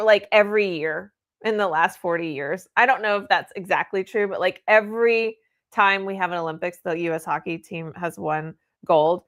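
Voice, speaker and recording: A woman's voice: medium pitch, fairly bright tone. A woman hosting a legal show, giving casual, candid news commentary with laughing asides and lots of fillers. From United States. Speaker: immigration law show host. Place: home or office studio in Austin.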